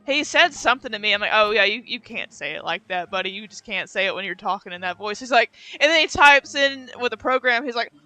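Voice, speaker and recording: Bright-voiced young woman streamer. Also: on the high side, expressive, fast talker, hardly any pauses. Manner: chatty, laughs often, slangy. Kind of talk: casual chat.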